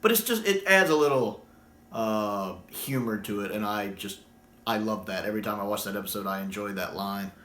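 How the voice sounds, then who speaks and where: A man's voice: lowish voice, moderate pace. Enthusiastic man in a roomy echo. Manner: enthusiastic, animated when quoting lines. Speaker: YouTube commentator. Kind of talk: casual fan commentary.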